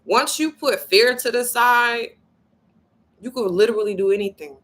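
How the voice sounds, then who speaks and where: A young adult woman giving a casual, profane motivational talk to her viewers, telling a story with lively quoted voices. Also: a little high, normal speed, low-quality recording. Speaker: spiritual vlogger.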